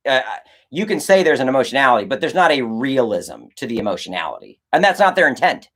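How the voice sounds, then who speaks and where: A young man, a filmmaker, chatting casually on a livestream and answering chat, rambling and animated, swearing and acting out conversations. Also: medium pitch, fast. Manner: animated, rambling, swears, acts out quoted exchanges.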